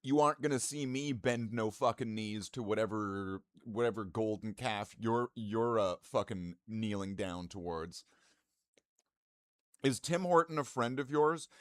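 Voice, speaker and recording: A man's voice: lowish voice, a little slow, no echo, clean studio sound. A man streaming live and chatting casually with his viewers in profane, rambling, mock-indignant banter.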